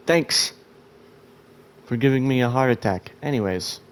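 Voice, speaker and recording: Having just woken up, a man narrates his gameplay in a drowsy, rambling, self-deprecating way for his video. His mid-range voice is clean in tone and unhurried.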